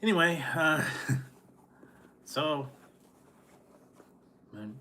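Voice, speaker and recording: A man's voice: a little high, lively intonation, extremely slow, bright, forceful tone. Chuckling, rambling food vlogger man. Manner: rambling, chuckling often, many fillers. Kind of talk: casual chat vlog.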